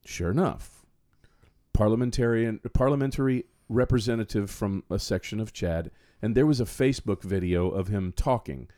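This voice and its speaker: A man's voice: fairly low pitch, moderate pace, no room sound, clean studio sound. A man from Florida telling a story on a podcast, acting out both sides of the conversation. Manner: animated storyteller, acts out dialogue. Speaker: podcast co-host. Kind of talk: casual storytelling chat.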